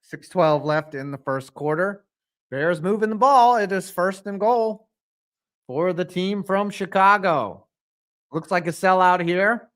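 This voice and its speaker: A man streams live reaction to a football game, calling each play as it unfolds in a voice sitting a touch high for a man. He jokes with his chat between snaps and erupts in profanity when a flag goes against his team. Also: a little slow. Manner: excitable play-by-play, cursing at calls, joking with chat.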